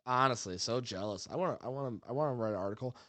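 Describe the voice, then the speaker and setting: A man's voice: mid-range voice, racing, pushed and bright, dry recording. A man co-hosting a casual gaming podcast, rambling with playful outbursts. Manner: rambling, lots of fillers and restarts, playful outbursts. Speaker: podcast co-host.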